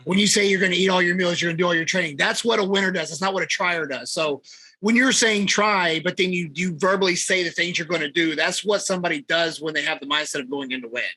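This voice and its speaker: A man's voice: high-pitched, fast talker, pushed and bright, dry recording, rough recording. A man talking as a fitness coach in a casual podcast chat, blunt and emphatic, swearing freely.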